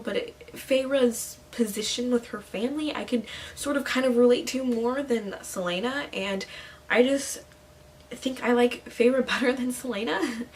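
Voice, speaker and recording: A woman's voice: fairly high pitch, recorded from a distance, slight background noise, low-quality recording. A young woman talking casually about books on her channel, chatty and full of "like" and playful asides. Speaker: book vlogger. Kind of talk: casual book talk.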